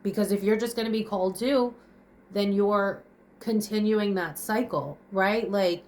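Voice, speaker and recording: A young woman in her kitchen at home, crying and out of breath as she vents bluntly to camera in a raw confessional monologue, swearing and firing off rhetorical questions. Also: mid-range voice. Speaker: vlogger.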